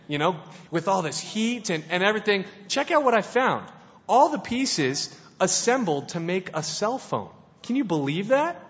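A man's voice: high-pitched, fairly bright tone. A man giving a casual sermon, playful and conversational, with many restarts. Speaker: preacher. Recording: dull, lo-fi sound in a reverberant hall.

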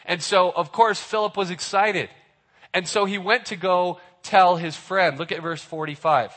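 A man giving a casual sermon, animated and acting out the dialogue of the people in his story. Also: high-pitched, unhurried. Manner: animated, acts out the characters' dialogue. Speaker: youth pastor. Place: church hall. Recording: reverberant hall.

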